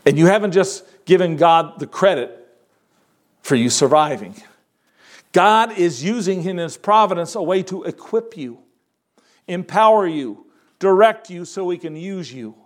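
A man with a fairly high voice delivers a sermon. He reads scripture slowly, leaning on key words. Between readings he talks in a relaxed, casual way. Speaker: preacher.

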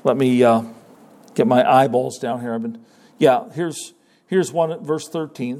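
A man's voice: mid-range voice, flat delivery, normal speed, warm tone. A man preaching a sermon in a conversational way, with sudden emphatic rises.

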